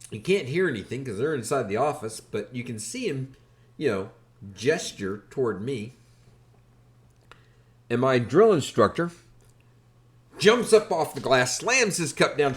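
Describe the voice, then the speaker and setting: A man hosting a podcast, telling a wry, animated story in a casual way. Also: a little high. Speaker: podcast host.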